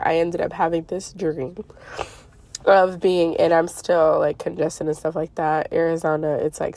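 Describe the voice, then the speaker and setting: A congested woman telling a long, rambling story in a casual monologue, full of fillers and slow stretched words. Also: low-pitched, darkish tone. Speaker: spiritual YouTuber. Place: Arizona.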